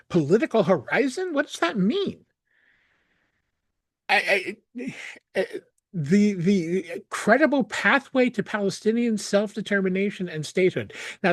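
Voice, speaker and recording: Man, news commentary, indignant and sarcastic, animated pitch, slightly high voice, dry close sound. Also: dry recording. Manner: indignant, sarcastic, emphatic with frequent restarts. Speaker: news analysis host. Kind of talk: solo commentary reading and critiquing a document.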